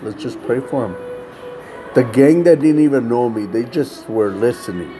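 A man's voice: medium pitch, normal speed, music in the background, poor audio. Man casually recounting a street testimony. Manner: tells a story by acting out dialogue, says "man" a lot. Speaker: storyteller recounting street ministry.

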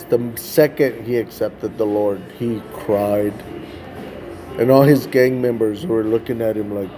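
A man with a mellow, warm voice gives his testimony as a street evangelist. He talks casually, with lots of "like" and "man," and acts out the people in his story. Faint music plays underneath. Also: mid-range voice.

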